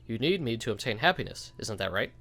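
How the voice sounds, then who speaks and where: A man's voice: mid-range voice, big pitch swings, fast talker, fairly bright tone. A man reading the lines of a manipulative teenage boy who makes and deals a drug, in a slightly raised voice. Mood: soothing. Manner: soothing then bitter, controlling. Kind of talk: reading game dialogue aloud.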